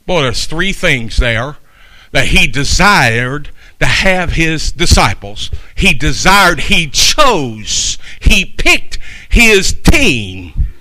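A man preaches a sermon in a high, piercingly bright voice. He rises to shouted peaks, then drops to soft, slow asides. Between scripture passages he tells folksy, homespun stories. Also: very animated, poor audio. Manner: folksy storytelling with homespun humor.

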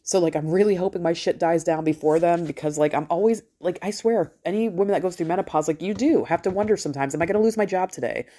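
A middle-aged woman with a notably low, deep voice holds forth in a loose, rambling solo chat. She is blunt and swears freely as she talks. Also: fast talker, few pauses, mellow. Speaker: podcast host. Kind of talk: casual monologue.

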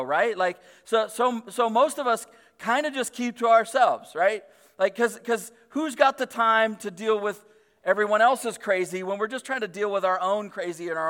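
A man's voice: high-pitched, a bit bright. A man in his thirties preaching a casual, storytelling sermon as a pastor, talking in a chatty way full of "like" and restarts. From Northern California. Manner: chatty, filler-heavy, self-deprecating. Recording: long reverb of a large hall.

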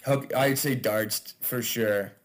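A man's voice: medium pitch, steady tone, slow pace. A man, a stand-up comedian, chatting casually as a podcast guest, loose and laughing, with frequent swearing.

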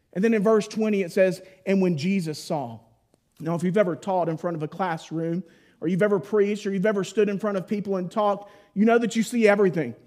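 A man whose voice sits high delivers a sermon as a folksy, playful story with voiced asides. At key moments he lowers to a hushed, solemn tone.

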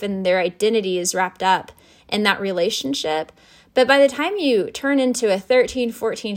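Woman, nursing instructor, casual lecture, conversational, fillers and restarts, mid-pitched voice. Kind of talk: informal recorded lecture.

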